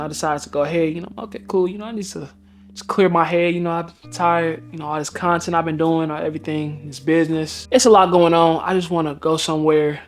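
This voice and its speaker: A man, a dating coach, telling a personal story in a slangy, laid-back way that breaks into laughing outbursts. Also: on the high side. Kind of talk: casual storytime monologue.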